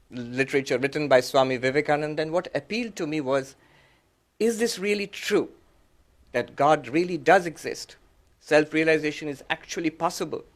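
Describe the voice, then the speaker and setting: A man who is a monk, giving a reflective, conversational talk to an audience with many fillers and restarts, and explaining ideas patiently step by step. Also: a little high.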